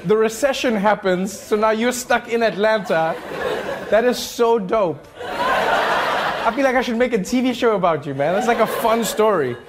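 Playful comedian, high voice. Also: male voice, moderate pace, noisy background. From South Africa. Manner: animated, playful, acts out voices. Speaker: stand-up comedian. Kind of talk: stand-up crowd work. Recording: live club mic with loud audience.

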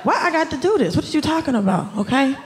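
A woman from Atlanta doing a stand-up comedy set, ranting in an animated, exasperated way with sudden outbursts. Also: sits high, quick pace, very noisy. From Atlanta, US South. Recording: live club with loud audience laughter.

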